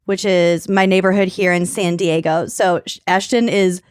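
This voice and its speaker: A woman's voice: lowish voice, fairly even intonation, moderate pace, clean tone, dry recording, clean studio sound. A woman with a Minnesotan accent co-hosting a podcast in casual, playful chat, laughing often. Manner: giggly, playful. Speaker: podcast co-host.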